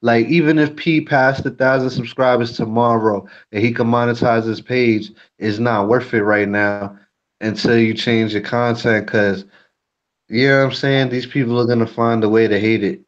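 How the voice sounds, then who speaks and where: A man's voice: medium pitch, steady tone, normal speed, muffled recording. A man talking frankly in a casual chat as a YouTuber and co-host, cursing freely. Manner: blunt, frank, curses freely.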